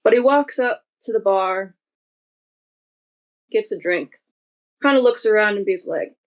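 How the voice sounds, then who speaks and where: A woman narrating a tabletop game as game master, vivid and unhurried. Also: medium pitch, low-quality recording.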